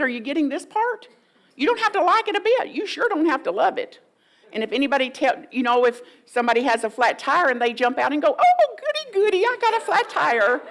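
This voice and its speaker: A woman's voice: high-pitched, fairly bright tone, poor audio. A woman pastor giving a folksy, playful sermon in a church, often mimicking voices for humor. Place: church sanctuary.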